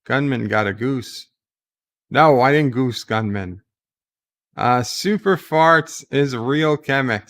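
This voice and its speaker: A man hosts a casual livestream from home, slowly reading viewer comments aloud and riffing on them. His voice has a gravelly rasp at the bottom, yet it stays smooth and resonant. He takes his time and lets his jokes ramble. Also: mid-range voice, fairly bright tone. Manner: reads viewer chat aloud and answers in a rambling, joking way. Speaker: livestream host.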